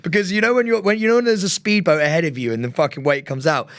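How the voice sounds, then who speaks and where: A man co-hosting a podcast, telling stories in an animated, laughing, swearing way. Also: fairly high pitch, fast, dry recording, studio quality. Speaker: podcast co-host. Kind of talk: casual chat.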